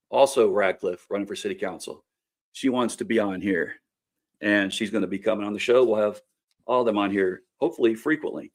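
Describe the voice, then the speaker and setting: A middle-aged man with a Kentucky accent speaks in a lowish voice. He talks plainly and earnestly, like a folksy storyteller hosting his own show. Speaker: host and candidate for local office. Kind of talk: casual campaign talk to camera.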